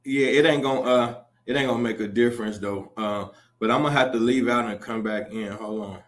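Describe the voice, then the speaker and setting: A man from Wisconsin, a debate guest, chatting casually in relaxed slang. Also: medium pitch, fairly quick. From Madison, Wisconsin. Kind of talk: casual livestream chat.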